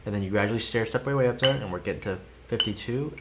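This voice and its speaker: Low-voiced man singing drum counts. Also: very fast, hardly any pauses, over loud music. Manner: sings counts and sticking aloud while demonstrating. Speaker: drum teacher. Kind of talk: live-streamed music lesson. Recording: loud instrument and metronome behind.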